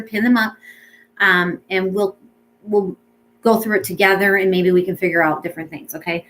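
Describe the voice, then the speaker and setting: A woman speaking as a pet psychic medium in a casual reading, chatty and rambling with many ums, gentle and reassuring. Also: medium pitch, low-quality recording.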